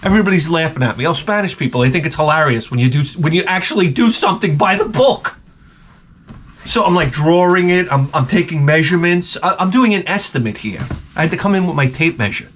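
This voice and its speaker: A man's voice: on the high side, fairly quick, a little hiss or hum. A man sick with the flu, rambling through a casual, profane vlog as host. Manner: profane, rambling, animated storytelling. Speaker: YouTube host.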